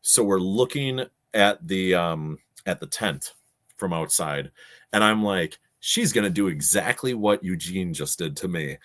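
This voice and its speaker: A man's voice: sits low, unhurried. A middle-aged man, a podcast guest, telling stories in a casual way and acting out what people said. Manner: animated storyteller, acts out quotes. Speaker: podcast guest, gaming show organizer. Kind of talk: casual storytelling.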